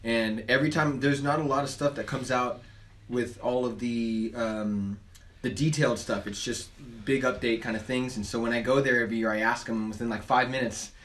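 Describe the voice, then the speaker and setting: Bright-voiced man telling animated stories. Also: medium pitch, normal speed. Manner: animated storyteller, swears freely. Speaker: band member. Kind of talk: casual chat. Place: office.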